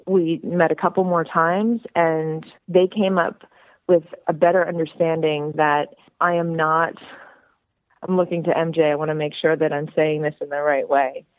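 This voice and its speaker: A woman's voice: low voice, dry recording. A woman filmmaker, a friendly and outgoing talker, telling her story as a guest in a phone interview. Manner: chatty, outgoing, animated storyteller. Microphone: telephone. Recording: tinny phone line.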